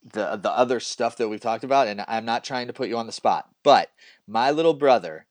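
A man's voice: mid-range voice, brisk, no room sound. A man hosting a podcast, chatting casually and encouraging his guest in an upbeat way. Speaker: podcast host. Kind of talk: casual interview chat.

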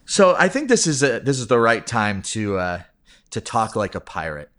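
Low-ish guy hosting a podcast, goofy and rambly, laughs at stuff. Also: very animated, normal speed, a bit bright. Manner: playful, laughs often, rambling questions. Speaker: podcast host. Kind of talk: casual interview.

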